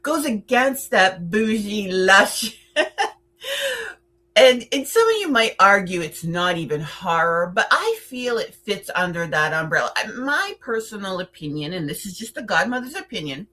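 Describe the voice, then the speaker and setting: A woman's voice: mid-range voice, very animated, normal speed, hardly any pauses, pushed and bright. A woman hosting a playful, chatty countdown of horror films, with theatrical asides. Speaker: horror film reviewer. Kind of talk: casual film countdown chat.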